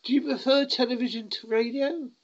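A woman's voice: high voice, fairly even intonation, a little fast, lo-fi sound, crowd noise. A woman interviewing a guest, speaking hesitantly and politely. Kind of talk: casual interview.

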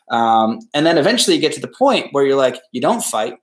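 A man's voice: medium pitch, very animated, brisk. A man hosting a solo podcast, giving casual, rambling advice and acting out the people he quotes. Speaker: podcast host.

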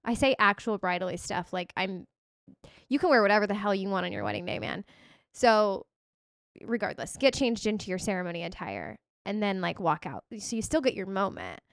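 A woman co-hosting a podcast, talking in a chatty, animated way full of "like". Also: medium pitch, brisk, gravelly, dry recording, studio quality. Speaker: podcast co-host. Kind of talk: casual chat.

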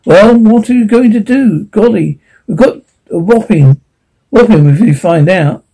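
A man's voice: high voice, animated, measured pace, mellow, breathy edge, pitched above the performer's own voice, exaggerated voice, poor audio. A man voicing a frightened, sulky young boy who blusters and exclaims in a read-aloud story. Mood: alarmed.

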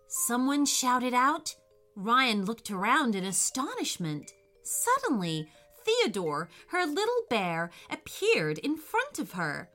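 A woman's voice: a little high, big pitch swings, slow pace, sharp tone, faint music behind. A woman hosting a children's podcast, cheerfully reading a story aloud to young listeners.

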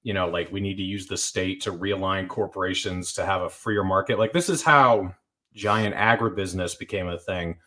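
A man hosting a casual podcast, relaxed and rambling as he lays out his opinions. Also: low-pitched, normal speed. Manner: relaxed, rambling, says "like" a lot. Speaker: podcast host.

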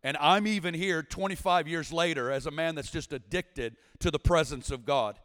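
With a slightly high voice at a moderate pace, a man in his forties from Arkansas gives a guest sermon testimony full of lively storytelling and occasional shouts. The big church space adds a long reverb.

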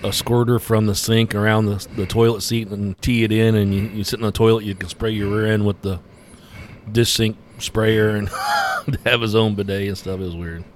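A man with a fairly low voice, chatting loosely as one of the hosts of a podcast. He rambles through folksy stories, circling back and restarting his sentences. A faint hiss of noise sits under the recording. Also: steady tone, moderate pace. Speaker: podcast co-host. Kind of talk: casual chat.

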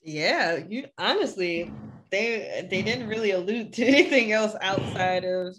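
Co-host, female, mid-pitched, easygoing chatter that trails off, clear background noise and clicks on the mic. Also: lively intonation, measured pace, a bit bright. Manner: laid-back, laughs often, trails off mid-sentence. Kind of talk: casual chat.

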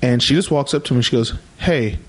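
A young man co-hosting a podcast talks fast at medium pitch. In casual chat he tells a rambling story, acting out what other people said in quoted voices.

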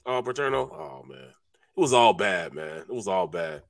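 A man's voice: on the low side, big pitch swings, normal speed, gravelly, fairly bright tone. A man from St. Louis co-hosting a sports talk show and telling laid-back stories, saying "man" and "you know" a lot. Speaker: sports talk show co-host, former football player. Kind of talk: casual sports talk storytelling.

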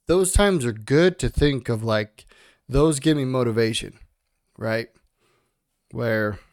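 A man's voice: mid-range voice, gravelly, darkish tone, no room sound, studio quality. A young man co-hosting a podcast, talking frankly and with plenty of swearing as he gives himself and his listeners a motivational push. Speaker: podcast co-host. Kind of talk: casual podcast talk.

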